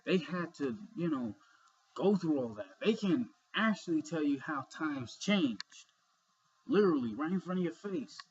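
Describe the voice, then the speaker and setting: A man's voice: on the high side, expressive, unhurried, dull audio, a little hiss or hum. A young man vlogging in a rambling, earnest monologue full of fillers and swearing, sleepy and yawning. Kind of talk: casual monologue.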